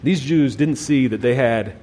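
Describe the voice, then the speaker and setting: Man, pastor, sermon, mid-pitched voice, emphatic, loud-and-soft swings, repeated restarts. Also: unhurried. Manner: emphatic, with dynamic swings between loud and quiet phrases; repeats words as he restarts phrases.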